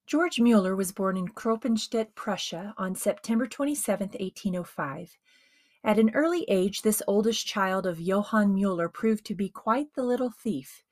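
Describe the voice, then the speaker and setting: A woman narrating a dramatized biography as an audiobook, with expressive storytelling. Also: medium pitch, no room sound, studio quality.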